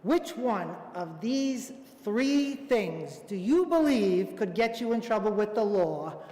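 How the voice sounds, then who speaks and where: A man's voice: high voice, big pitch swings, takes it slowly, mellow. A man in his fifties from Brooklyn, New York, telling a comic, self-mocking story on a theater stage. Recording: echoey theater hall.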